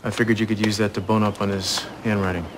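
An actor playing a man who calmly and practically coaches a friend through a plan, in soap opera acting. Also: on the low side, fast talker, natural voice. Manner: reassuring, practical. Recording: noisy old TV recording.

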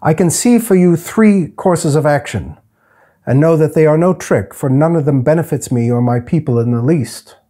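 Guy doing a polite little healer man, soft formal storybook voice, dark and husky. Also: a little high, voice pushed up, lightly acted. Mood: calm, courteous. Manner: formal, soothing, slow and careful.

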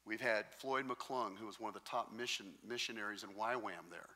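A man preaching a sermon as pastor, telling stories in a lively, joking way. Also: fairly low pitch, fairly quick. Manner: animated, jokey storytelling. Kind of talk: sermon with storytelling. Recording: long reverb in a large hall.

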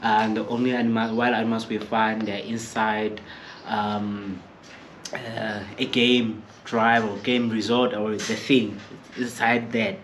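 A man's voice: on the low side, level tone, slow pace, fairly bright tone, slight background noise. A young South African man with a South African accent, vlogging in a rambling, hesitant storytelling style with many repeated words. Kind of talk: casual storytelling to camera.

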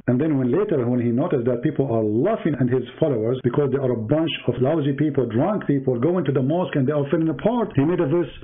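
A man's voice: medium pitch, fast, hardly any pauses, breathy edge. A man hosting a heated live debate, mocking and taunting his opponent in broken English. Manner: broken, non-native English grammar. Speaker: debate host. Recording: tinny phone-like line.

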